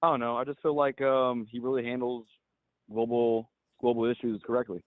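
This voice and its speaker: A young man calling in to a debate show, answering hesitantly and haltingly. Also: mid-range voice, level tone, no echo. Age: young adult. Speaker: caller. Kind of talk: phone-in debate. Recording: tinny dry phone line.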